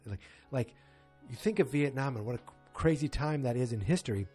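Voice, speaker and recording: Man, relaxed mellow tone, loose rambling recap of a show, halting and casual. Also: mid-range voice, breathy edge, faint music behind. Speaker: TV episode recapper. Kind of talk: casual spoken episode recap.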